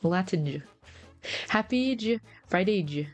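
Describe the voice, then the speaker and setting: A woman's voice: medium pitch, lively intonation, a little slow, a little mellow, soft background music. A young woman streamer chatting casually to her viewers in a playful, rambling way.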